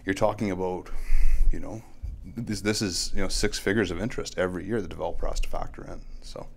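A man's voice: deep voice, fairly even intonation, fast talker, gravelly, slight background noise. A man who is a realtor and company CEO, guesting on a podcast and talking casually, leaning on "like" and "right?" as he explains. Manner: conversational, fills with "like" and "right?". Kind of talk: casual interview talk.

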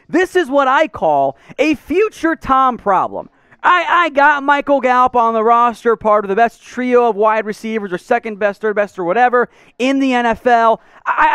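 A man's voice: very high voice, clean tone, no echo. A man hosting a sports show, talking in a chatty, joking, emphatic way. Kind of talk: casual sports commentary.

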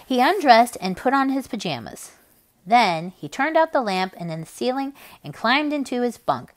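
A woman reading tutor reading a children's novel aloud with expressive narration. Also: a little high, normal speed.

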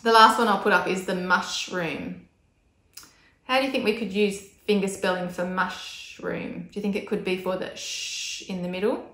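A woman's voice: medium pitch, fairly even intonation, moderate pace, fairly bright tone. A woman speech pathologist explaining techniques in an instructional video, demonstrating sounds with careful, exaggerated enunciation. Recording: echoey room.

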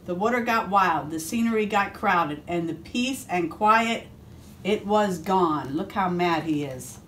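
A woman police officer reading a picture book aloud to a first grade class, expressive and adding asides to the children. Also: on the low side, measured pace, a little hiss or hum.

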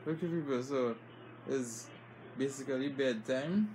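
A man's voice: mid-range voice, unhurried, a little mellow. A man hosting a casual home vlog from bed, speaking to viewers as "people" and joking dryly with his partner. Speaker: vlog host. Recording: noisy home recording.

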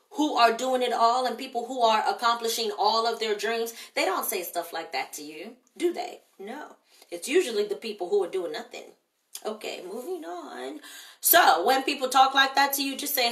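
A woman's voice: medium pitch, a bit bright. A woman hosting a live online show, giving emphatic, direct motivational talk and answering viewer comments. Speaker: livestream show host. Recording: echoey, distant livestream audio.

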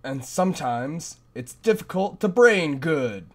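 A man with a fairly high, animated voice commentates a horror game as he plays it, speaking a little slowly. He's frantic and self-mocking, often repeating himself in a panic during this let's play.

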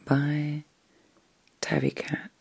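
A middle-aged woman hosting a whispered ASMR vlog from bed at night, talking in a slow, soothing and reflective way. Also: deep voice, monotone, vocal fry, a little mellow, husky. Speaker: ASMR host.

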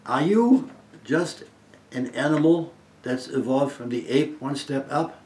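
A German man of eighty-some years offers an earnest, uplifting testimony as a guest speaker. He's expressive and a little slow, with a medium-pitched voice that rises to loud emphasis and drops to hushed phrases in an echoey space.

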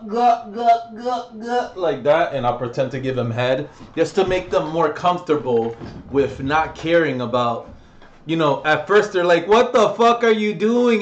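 A man's voice: mid-range voice, lo-fi sound. A young man talking straight to camera in a crude, rambling, profane vlog monologue. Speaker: vlogger.

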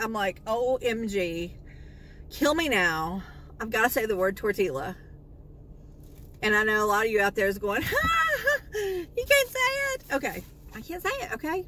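A chatty, excitable woman talking casually in a shopping haul video. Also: fairly high pitch, slight background noise, rough recording. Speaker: vlogger.

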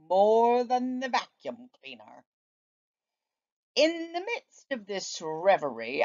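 A woman teacher with a low-sitting voice reads a children's book in an unhurried, expressive storytelling manner. The recording sounds dull and lo-fi.

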